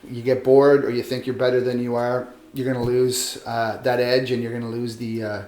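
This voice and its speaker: A man, a metal sculptor, chatting casually and a bit ramblingly about how he works, self-deprecating and relaxed. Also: medium pitch, moderate pace. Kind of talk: casual interview. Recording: roomy echo.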